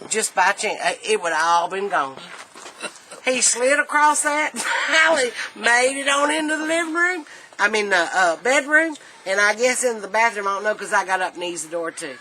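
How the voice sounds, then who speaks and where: A woman's voice: medium pitch, animated, moderate pace, sharp tone, low-quality recording. A middle-aged woman telling a family story casually, laughing often.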